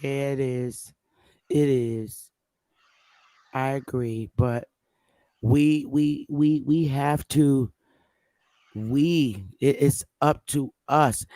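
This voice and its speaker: A woman's voice: extremely low pitch, steady tone, takes it slowly, dark tone, dry recording. Blunt, emphatic woman in dry close sound. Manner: blunt, emphatic, repeats herself. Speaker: show host. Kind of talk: casual opinionated chat.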